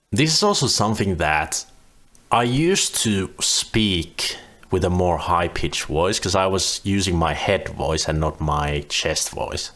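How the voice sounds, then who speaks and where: A man's voice: sits low, a bit bright. A man in his thirties talking candidly to camera in a casual vlog, swearing freely as he goes. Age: 30s. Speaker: vlogger.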